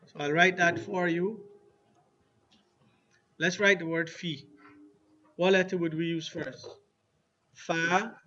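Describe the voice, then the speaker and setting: A man teaching an Arabic lesson to a class, slowly spelling words out letter by letter and repeating them. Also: high voice, fairly even intonation, pushed and bright, highs cut off, slight background noise.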